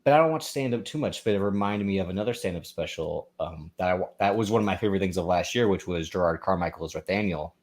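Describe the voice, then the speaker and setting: A man's voice: sits low, quick pace, hardly any pauses, a little mellow. A man co-hosting a podcast, chatting casually and retelling comedy bits with lots of filler words. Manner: rambling, retells stand-up bits with many likes and ums. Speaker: podcast co-host. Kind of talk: casual chat.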